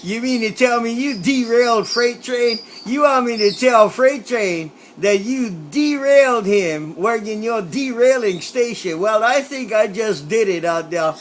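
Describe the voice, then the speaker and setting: Playful high-voiced man on CB radio. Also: lively intonation, unhurried, few pauses. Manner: playful, signs off with a quacking catchphrase. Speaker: CB radio operator. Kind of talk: casual CB radio chatter. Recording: CB radio with light static.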